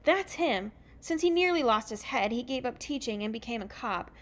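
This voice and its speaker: A woman's voice: a little high, animated, normal speed, lightly acted. A woman reading aloud and voicing a smug, boastful boy who talks on in a chatty way.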